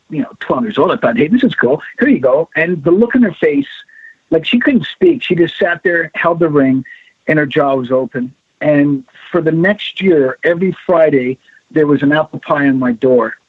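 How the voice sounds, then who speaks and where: A middle-aged man, the guest, telling lively stories on a call-in show and acting out the people in them. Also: on the high side, normal speed, slightly rough, no room sound. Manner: animated storyteller acting out quoted voices. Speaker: guest, founder of a ring-finding directory. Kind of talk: storytelling on a call-in radio show. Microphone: phone. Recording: tinny phone line, dry.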